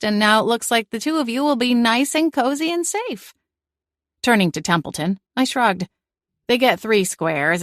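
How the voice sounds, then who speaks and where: A woman reading a cozy audiobook in first person with wry, lively storytelling. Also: medium pitch, no echo, clean studio sound. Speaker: audiobook narrator.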